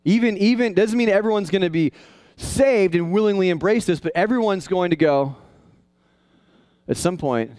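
A male pastor preaching a casual, conversational sermon that swings into high, excited tones. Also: normal speed, dry recording.

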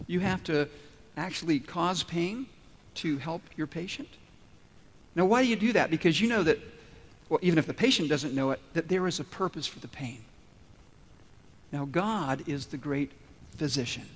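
Pastor preaching in a reverberant church. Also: male voice, on the high side, slight background noise. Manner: storytelling with acted-out quotes, emphatic questions. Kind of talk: sermon. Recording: long hall reverb.

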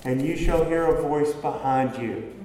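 A man delivers a sermon in a relaxed, mellow voice, talking to his congregation and asking them question after question. His words ring through a roomy hall with a long, echoing tail. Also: fairly high pitch, unhurried, a little hiss or hum. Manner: conversational, asks the congregation rhetorical questions. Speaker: preacher. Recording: echoey hall with long reverb, faint ambience.

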